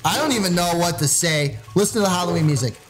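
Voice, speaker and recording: A man hosting a gaming channel, giving loud, excited gameplay commentary and yelling into his desk mic with sudden high shrieks. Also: fast, low-quality recording. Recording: music playing behind.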